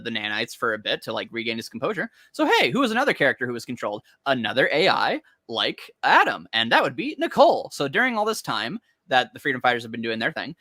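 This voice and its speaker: Male co-host, lively sing-song delivery, bright dry close-mic sound, storyteller who laughs easily. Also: mid-range voice, no room sound. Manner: animated storytelling, acts out characters; laughs often. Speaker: podcast co-host. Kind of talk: casual chat.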